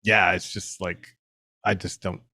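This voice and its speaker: A man's voice: low voice, level tone, unhurried, pushed and bright. A man hosting a casual interview, laughing often and speaking hesitantly with many fillers. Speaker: podcast host.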